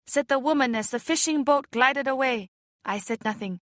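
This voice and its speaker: A woman narrates a novel in a measured, softly expressive way, her voice a little higher than most. The recording is close and dry, with no room sound. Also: no room sound. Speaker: audiobook narrator. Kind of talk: scripted narration.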